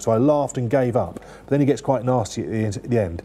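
A man chatting casually through the day's papers, warm and mellow in tone. He rambles, restarting sentences and leaning on fillers as he talks. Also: mid-range voice, expressive, fast, hardly any pauses, breathy edge. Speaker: newspaper review guest. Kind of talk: casual chat.

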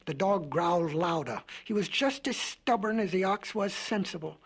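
A man narrating a storybook record in a gentle, whimsical, folksy way. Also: high voice, normal speed, hardly any pauses, husky.

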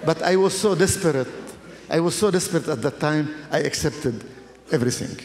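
A man's voice: fairly high pitch, brisk, a little mellow. A male pastor telling his testimony in an emphatic, storytelling way, repeating phrases for effect. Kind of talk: dramatic preaching testimony. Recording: echoey hall.

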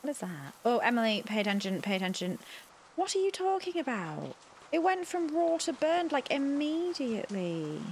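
A woman's voice: sits high, sing-song, moderate pace, a little hiss or hum. A woman hosting a let's play, chatting flustered and apologetic to the game's characters as she plays. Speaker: gaming channel host.

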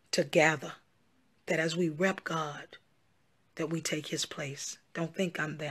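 A woman pastor with a bright, forceful voice addresses her followers directly. She talks in an emphatic, pleading way, repeats her points and calls them "y'all" and "honey." Her delivery swings between loud exclaiming and a hushed near-whisper. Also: low-pitched, fairly even intonation, measured pace, pauses often, breathy edge, soft background music. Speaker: pastor and gospel singer. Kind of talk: direct-to-camera social media address.

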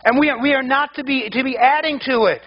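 Guy preaching a sermon, high voice, keeps repeating words, kinda dull lo-fi sound. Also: fast talker. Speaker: pastor.

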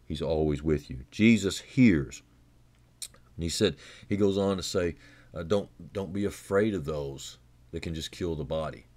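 A man preaching a radio sermon as a pastor, earnest and conversational, with frequent restarts and repeated words. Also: unhurried. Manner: earnest, repeats words and restarts, rises in pitch for emphasis then drops low and quiet.

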